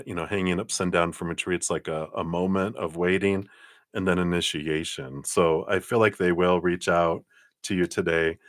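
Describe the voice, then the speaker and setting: A man's voice: deep voice, a bit bright, no echo, clean studio sound. A man giving a live-streamed tarot reading, chatty and laughing often, with lots of ums and you-knows. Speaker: tarot card reader.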